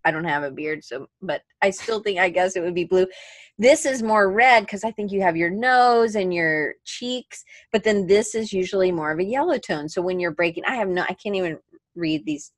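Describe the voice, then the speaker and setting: A woman's voice: medium pitch, lively intonation, normal speed, no room sound. Chatty woman podcast co-host. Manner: chatty, rambling, self-correcting. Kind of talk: casual chat.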